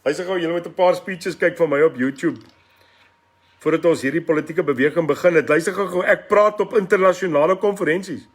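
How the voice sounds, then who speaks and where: Fired-up south african guy hosting a live political stream, kinda high voice, calls out viewers by name. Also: fast talker. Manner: impassioned, switches between English and Afrikaans, greets viewers by name. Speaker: political talk show host.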